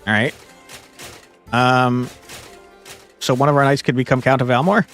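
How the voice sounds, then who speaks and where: A man's voice: medium pitch, fairly even intonation, unhurried, a bit bright. A young man live-streaming a game, chatting in a laid-back, jokey way with casual swearing. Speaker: gaming streamer. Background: game music.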